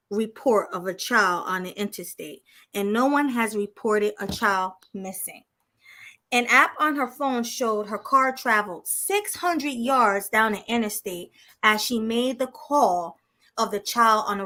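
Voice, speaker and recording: A woman's voice: fairly high pitch, a little slow, pushed and bright. A woman co-hosting a podcast, reading a news story aloud and chatting bluntly, laughing often. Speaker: podcast co-host.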